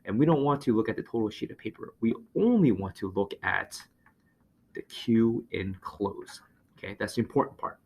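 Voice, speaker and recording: A man explaining physics in a relaxed lecture, his low voice slipping into gravelly fry. He thinks out loud, pausing on fillers and correcting himself as he goes. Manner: thinks aloud with many fillers and self-corrections. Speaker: physics teacher. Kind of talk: lecture over a whiteboard.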